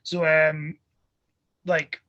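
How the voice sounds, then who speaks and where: A man's voice: fairly high pitch, little pitch movement, very slow, pushed and bright, muffled recording. A man who teaches history, a podcast guest, talking casually and hesitantly with many fillers. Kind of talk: casual interview conversation.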